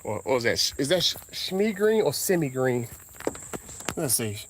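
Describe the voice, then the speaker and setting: A man's voice: big pitch swings, a little hiss or hum. Laid-back Southern man rambling. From Southern United States. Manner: laid-back, drawn-out talk with sudden high exclamations. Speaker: car vlogger. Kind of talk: casual rambling monologue.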